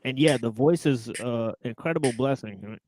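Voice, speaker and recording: A male host of an online talk show speaking hesitantly, with many pauses and ums. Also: medium pitch, a little mellow, a little hiss or hum. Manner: hesitant, full of ums and likes. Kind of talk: casual talk show chat.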